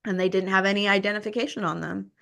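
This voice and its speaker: A woman's voice: quick pace, vocal fry. A woman podcast host, telling a story in casual conversation and acting out the quoted exchanges. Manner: animated, acts out quoted exchanges with rising pitch.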